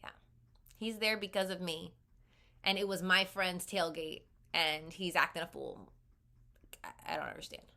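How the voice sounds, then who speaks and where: A woman's voice: lowish voice, fairly even intonation, measured pace, sharp tone. A young woman vlogger candidly telling a personal story in a conversational way, often saying "like".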